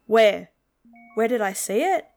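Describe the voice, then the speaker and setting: A woman's voice: fairly high pitch, animated, measured pace, gravelly, a little mellow, soft background music. Woman reading as a frightened teenage boy. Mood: scared.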